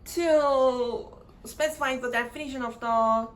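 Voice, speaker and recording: A woman explaining grammar in a slow, halting lecture, often repeating words as she searches for phrasing. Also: high voice, steady tone, poor audio.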